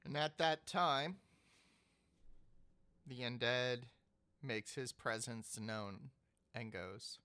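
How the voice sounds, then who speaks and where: A man narrating as game master of a tabletop game, slow and halting, often restarting his words. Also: medium pitch, pushed and bright, clean tone.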